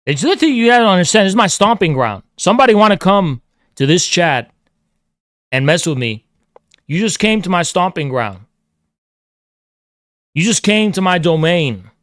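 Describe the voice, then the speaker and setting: A man's voice: fairly high pitch, big pitch swings, normal speed, pauses often, fairly bright tone, dry recording, studio quality. A man hosting a livestream, ranting at his chat in an aggressive, profane, repetitive lecturing way. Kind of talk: heated livestream rant to chat.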